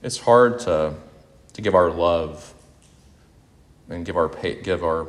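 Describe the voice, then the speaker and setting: A man in his forties with a very low voice delivers a sermon in a reflective, confessional tone. He talks conversationally, backing up to rephrase mid-sentence. His voice rings out with a long reverb, as if filling a large church. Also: slow pace. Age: 40s. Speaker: pastor.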